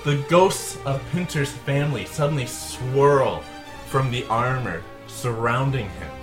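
A man's voice: medium pitch, measured pace, over music. A man narrating a tabletop game as game master, in vivid, gory detail.

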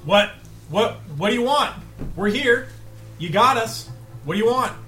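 A man's voice: high voice, normal speed, faint music behind. A man playing a sarcastic, impatient young man who snaps out demands in a tabletop game. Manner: sarcastic, then shouting demands. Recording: roomy echo.

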